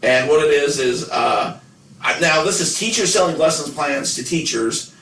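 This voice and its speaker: A man's voice: fairly high pitch, lively intonation, moderate pace, pushed and bright, distant mic. Rambling man in an echoey room. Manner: rambling, joking storyteller. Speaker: podcast co-host. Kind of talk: casual chat.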